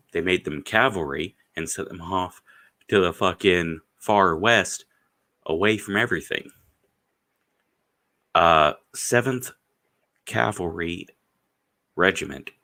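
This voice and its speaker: A man with a very deep voice that still comes across bright and forceful, unhurried and drawn out. He hosts a loose, profane chat and tells long stories, dropping into quoted voices along the way. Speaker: stream host. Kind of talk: casual chat.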